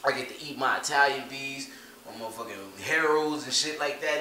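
A young man telling stories in slangy, laid-back casual chat, getting loud and animated when excited. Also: medium pitch, fairly quick, recorded from a distance, a little hiss or hum. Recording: echoey room with faint ambience.

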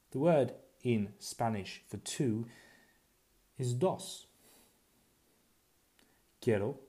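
A man teaching a recorded language lesson, drilling words slowly and repeating them, chatty and a little self-deprecating. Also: on the low side, a little mellow. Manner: slow, repetitive drilling with pauses for practice.

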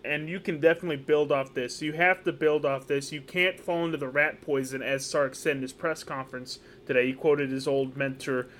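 A man co-hosting a casual sports podcast, animated and joking, often repeating himself. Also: a little high, fairly quick, few pauses, a little hiss or hum. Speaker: podcast co-host. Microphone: podcast microphone.

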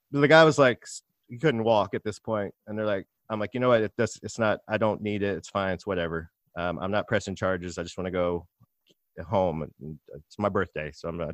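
A man's voice: lowish voice, no echo. A man from Arkansas, a bartender and podcast guest, telling stories in an easygoing way with dry humor. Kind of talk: casual chat.

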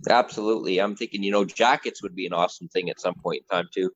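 A man co-hosting a podcast, chatting in a relaxed, easygoing way and laughing along. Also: sits low, fast. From Canada. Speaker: podcast co-host. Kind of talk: casual podcast chat. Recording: dull lo-fi sound.

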